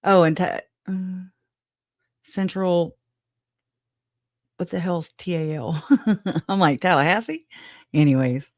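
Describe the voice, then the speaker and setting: A woman's voice: on the low side, takes it slowly, long pauses, a little mellow, no echo, studio quality. A woman hosting a casual livestream, greeting viewers by name, chatty and frank, laughing often. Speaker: livestream host.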